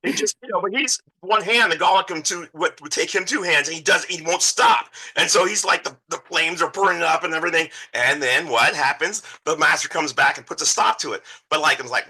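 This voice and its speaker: A man talks about an old film in casual conversation, his voice very bright and forward. He drops into put-on voices for the people in the story and talks with lively, excitable energy. His pitch sits a touch above the usual. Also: a little fast, hardly any pauses, husky, poor audio. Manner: animated, acts out characters with exaggerated voices. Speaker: podcast co-host.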